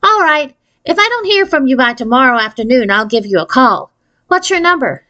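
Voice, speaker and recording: Woman voicing a young boy, squeaky, nerdy, pleased with himself, high-pitched, storybook read-aloud. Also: big pitch swings, brisk, bright, forceful tone, lo-fi sound, full character voice. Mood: smug. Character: squeaky nerdy smug fifth-grade boy.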